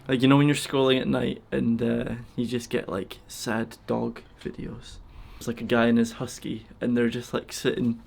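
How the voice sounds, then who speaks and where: Soft-spoken man, gravelly and teary. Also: mid-range voice, level tone. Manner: soft, emotional, halting with fillers. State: close to tears. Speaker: vlogger feeding a wild bird. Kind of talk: casual heartfelt vlog talk.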